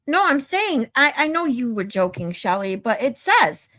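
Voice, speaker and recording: Woman streamer, casual chat, slightly high voice, swears, gets louder when irritated. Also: big pitch swings, normal speed. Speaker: livestream host.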